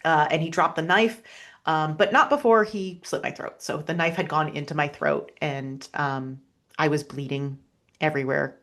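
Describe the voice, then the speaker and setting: Low-voiced woman telling a personal story. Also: fairly even intonation, fairly bright tone. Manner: halting, with frequent restarts and fillers. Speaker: podcast guest.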